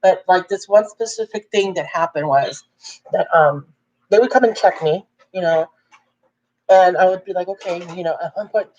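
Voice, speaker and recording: A young adult woman telling a personal story in a casual, chatty way, jumping up in pitch when she quotes people. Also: moderate pace, highs cut off. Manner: chatty, animated when quoting others. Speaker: vlogger.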